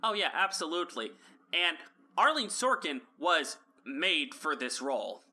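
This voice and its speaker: A man hosts a casual podcast, chatty and full of quick asides and restarts. His voice is very bright and a little high. He talks in an easygoing, conversational way. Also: very animated. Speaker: podcast host.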